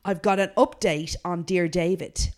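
A woman co-hosting a podcast, chiming in with quick blunt remarks. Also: fairly low pitch, fairly even intonation, darkish tone. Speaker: podcast co-host. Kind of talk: casual chat.

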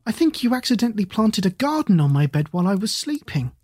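A reader voicing a timid, anxious young girl in a storybook, lifting the voice higher and smaller than the narration. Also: big pitch swings, quick pace, darkish tone, no room sound. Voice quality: small raised childlike voice. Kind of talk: storybook character voice.

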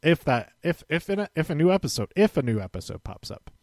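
A man's voice: a little high, sing-song, fast, a little mellow, no room sound, studio quality. A man giving a casual, rambling spoken recap, often restarting and correcting himself with small chuckles. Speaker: show recap host.

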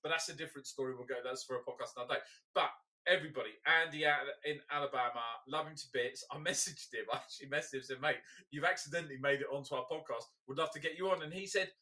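A man co-hosting a football podcast, joking and swearing in lively banter. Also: on the high side, fast talker. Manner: excitable, swears freely, laughs often. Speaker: podcast co-host. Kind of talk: casual banter.

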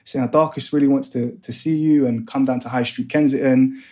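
Young man, podcast guest, animated storyteller who mimics the people he quotes. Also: medium pitch, moderate pace. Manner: animated, acts out other voices in his stories. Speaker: guest, music A&R manager. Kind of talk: casual storytelling interview.

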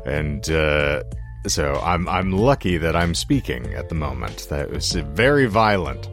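A man co-hosting a podcast with a hoarse, sore throat, telling long rambling stories with wry asides. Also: very deep voice, animated, unhurried, a bit bright, faint music behind. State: hoarse throat after illness. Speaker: podcast co-host. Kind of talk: casual podcast chat.

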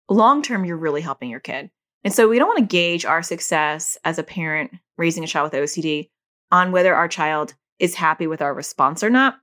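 A middle-aged woman, a mother and parent educator, explaining casually and acting out quoted lines in a higher voice. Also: a bit bright. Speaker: parent educator teaching about OCD.

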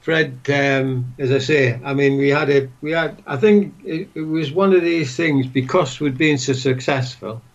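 A former footballer, now older, retells old stories as a guest, rambling and restarting frequently with a "what have you" here and there. He talks at a measured pace with few pauses, his medium-pitched voice steady, and the highs are cut off.

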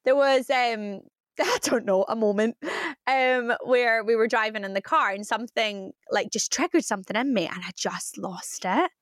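A woman's voice: on the high side, moderate pace, dry recording, clean studio sound. A young woman co-hosting a podcast, talking candidly in casual chat and laughing often. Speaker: podcast co-host.

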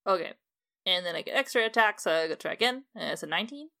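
An easygoing woman calls out her character's attacks during a tabletop game. Her voice is mid-pitched and relaxed. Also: quick pace. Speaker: player. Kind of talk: tabletop role-play.

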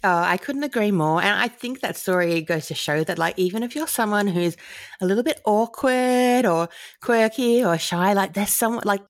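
A woman's voice: medium pitch, lively intonation, normal speed, no echo. A woman co-hosting a chatty podcast, reading stories aloud in an amused manner and laughing often.

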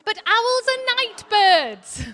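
A woman doing a firm, high-voiced mother owl. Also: very animated, very slow, a bit bright, heavily acted.

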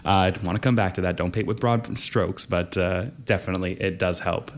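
Chatty Canadian man, low voice. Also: fairly quick. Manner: relaxed and chatty, laughs often, acts out quoted voices. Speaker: drama teacher and guest. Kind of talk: casual interview conversation.

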